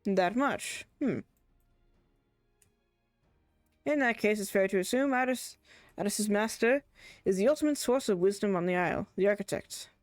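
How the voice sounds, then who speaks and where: A woman's voice: mid-range voice, animated, moderate pace, no room sound, faint music behind, close to an everyday voice. A woman doing an Irish-accented male scholar. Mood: musing.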